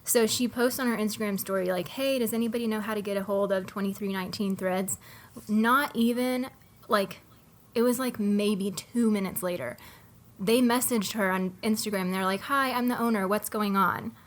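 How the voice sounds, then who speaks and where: Young woman podcaster rambling through a story, lots of likes and ums, medium pitch. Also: normal speed. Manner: animated storytelling, many fillers. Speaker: podcast co-host. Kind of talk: casual chat.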